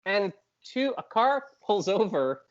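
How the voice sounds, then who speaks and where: High, lively man telling stories. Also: slow, dull audio. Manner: animated, self-mocking storytelling. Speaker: podcast guest. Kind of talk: casual chat, storytelling.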